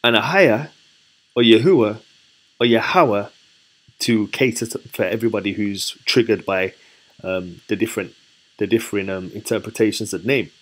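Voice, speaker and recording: A man with a low, slightly husky voice talks through scripture in a casual Bible study. He is relaxed and chatty, and he corrects himself as he goes. He keeps asking his listeners questions and then answers them himself. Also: normal speed. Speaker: scripture teacher.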